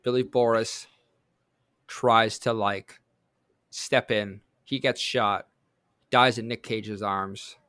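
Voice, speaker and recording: A man co-hosting a podcast in casual chat, pitching a plot with fillers and quick bursts. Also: smooth, dry recording, studio quality. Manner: brainstorming with lively bursts, fillers. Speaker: podcast co-host.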